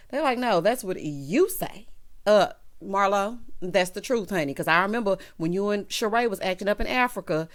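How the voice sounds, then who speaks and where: A woman giving a sassy, gossipy commentary on a reality TV episode, breaking into loud laughs. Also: medium pitch. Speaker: reality TV recap host. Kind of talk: casual recap commentary.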